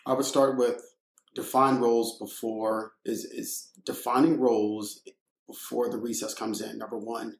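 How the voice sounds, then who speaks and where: A man explains his points deliberately in a mid-range voice during a panel chat. His voice carries a noticeable room echo. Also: mid-range voice, level tone. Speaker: emergency physician. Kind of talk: casual panel discussion. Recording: roomy echo.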